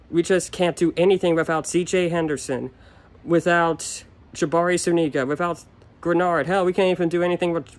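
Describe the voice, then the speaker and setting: A young man ranting angrily to his camera, frustrated and upset, repeating himself and swearing. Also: a little high. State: upset and furious. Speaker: sports fan ranting on video. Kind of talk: angry solo rant.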